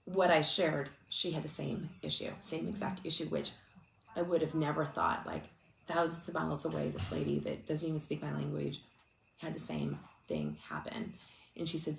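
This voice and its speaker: Low gravelly-voiced woman, chatty and emotional. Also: moderate pace. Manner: chatty, many restarts and fillers. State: emotional, close to tears. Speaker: ministry speaker. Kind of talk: casual storytelling talk. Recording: echoey room with faint noise.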